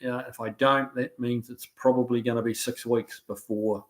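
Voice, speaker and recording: A man from New Zealand casually hosts a live stream, reading the chat aloud and answering loosely amid many fillers and restarts. He has a medium pitch, fairly even intonation, and a moderate pace.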